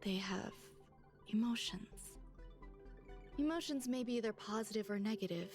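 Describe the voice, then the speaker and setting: A woman reading the lines of a detached female genius scientist from a video game, speaking calmly in a soft half-whisper. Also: mid-range voice, normal speed, faint music behind, natural voice.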